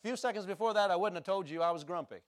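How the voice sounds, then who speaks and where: A man with a notably high-pitched voice preaches a personal testimony as a traveling minister. His delivery is earnest and emphatic, the voice of a storyteller speaking to a church service. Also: quick pace, no echo, clean studio sound. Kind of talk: sermon testimony.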